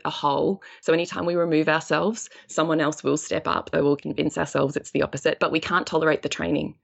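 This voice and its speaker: A woman in her forties giving a motivational relationship talk, acting out quoted voices with big jumps in pitch. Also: vocal fry, lo-fi sound.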